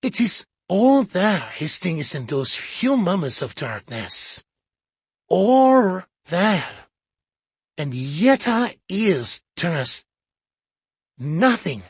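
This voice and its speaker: An audiobook reader voicing a fussy, excitable older male Belgian detective who talks slowly and emphatically with pointed questions. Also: medium pitch, husky, dry recording, heavily acted. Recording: dull lo-fi audiobook.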